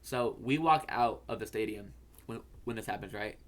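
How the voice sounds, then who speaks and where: A young man with a lowish voice hosts a fantasy football video at a normal speed. He tells a rambling story, stammering, repeating words, and swearing casually.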